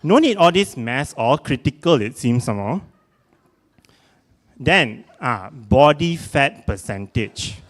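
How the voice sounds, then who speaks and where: A young man with a Singaporean English accent giving a self-mocking comic spoken-word performance, exclamatory and animated. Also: medium pitch, slow.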